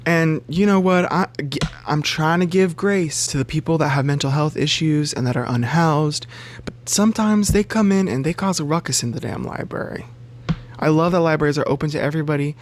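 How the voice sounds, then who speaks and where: A man chatting casually to camera about books, animated and loose, swearing freely and jumping up in pitch for emphasis. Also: fairly quick, a little hiss or hum. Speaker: bookseller and book vlogger.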